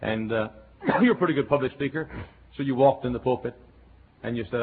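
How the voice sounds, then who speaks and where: A man preaching a folksy revival sermon that swings between quiet, chatty asides and loud shouting. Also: mid-range voice, expressive, fairly quick, slight background noise. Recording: tinny lo-fi sermon tape.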